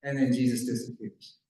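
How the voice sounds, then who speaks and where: Speaking at a banquet, this man has a medium-pitched voice with a dark tone. The room echoes as he chats his way through a Bible story, pausing for jokes aimed at the listeners.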